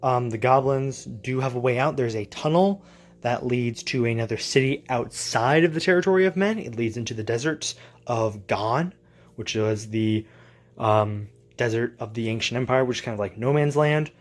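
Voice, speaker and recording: A man's voice: medium pitch, moderate pace. A man talking as a tabletop game master in a casual home vlog, thinking aloud and correcting himself as he rambles through his plans, recorded in his basement.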